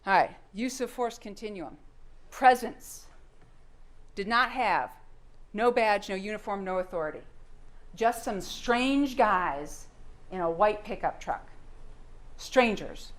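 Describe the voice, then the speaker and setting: A woman's voice: mid-range voice, animated, takes it slowly, pauses often. A woman prosecutor giving a courtroom closing argument, firing pointed rhetorical questions at the jury. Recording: roomy courtroom sound, faint hum.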